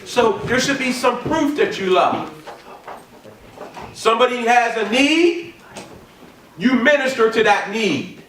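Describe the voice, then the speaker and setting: High-voiced preacher man, echoey room. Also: lively intonation, takes it slowly, pauses often, slight background noise. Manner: repetitive, emphatic preaching that builds to shouts. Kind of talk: sermon. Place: church or ministry hall. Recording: echoey room from a distant mic.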